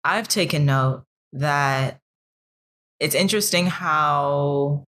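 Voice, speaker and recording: A fairly low-voiced American woman co-hosting a relaxed podcast conversation. She speaks earnestly and thoughtfully, and picks up energy when she presses a point. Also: takes it slowly. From United States. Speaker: podcast co-host. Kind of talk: casual podcast discussion.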